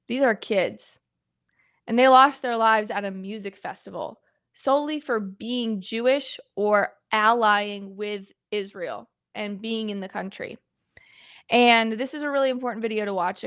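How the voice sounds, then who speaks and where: Young woman livestreaming, high bright voice, earnest and emotional, near tears. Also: smooth. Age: 20s. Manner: emotional, earnest, repeats herself for emphasis. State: close to tears. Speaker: guest host of a livestream. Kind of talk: livestream open forum.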